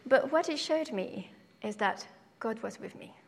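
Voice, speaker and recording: Animated woman preaching with a story. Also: unhurried, gravelly, husky, long reverb tail. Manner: animated storyteller, acts out voices with sudden high pitch. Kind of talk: personal story in a sermon.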